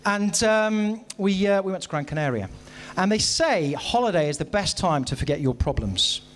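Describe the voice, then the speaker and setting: A man's voice: sits high, animated, moderate pace, a bit bright. A man in his thirties performing a self-mocking stand-up set, talking straight to the audience on a live stage. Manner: self-mocking, chatty, addresses audience directly. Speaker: stand-up comedian. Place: live stage at a charity comedy event.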